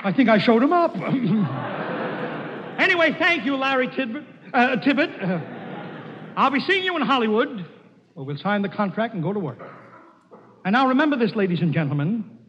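A man's voice: sits high, big pitch swings, moderate pace, pauses often, noisy background. A man hosting a 1940s radio variety comedy, bantering and joking brashly. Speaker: host. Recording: dull 1940s radio broadcast in a hall.

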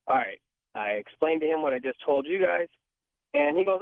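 Male caller on a tinny phone line, fairly high voice, animated storyteller. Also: brisk, gravelly, no room sound. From California. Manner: animated, acts out quoted voices. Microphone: telephone.

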